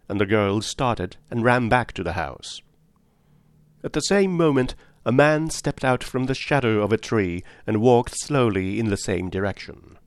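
An audiobook narrator with a fairly low voice reads a novel aloud in a measured storytelling manner. The scripted narration is recorded dry, with clean studio sound.

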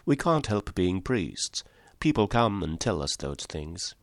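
A man's voice: deep voice, big pitch swings, slow pace, no room sound, studio quality, full character voice. A man voicing a small, mild country priest in an audiobook, speaking simply and apologetically. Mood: apologetic.

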